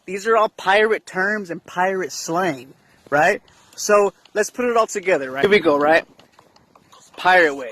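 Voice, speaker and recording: A man talking casually and slowly, peppering his points with slang and a constant "right?". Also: high-pitched, fairly bright tone, a little hiss or hum. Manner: slangy, keeps asking "right?". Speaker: commentator in a clip. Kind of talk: casual monologue.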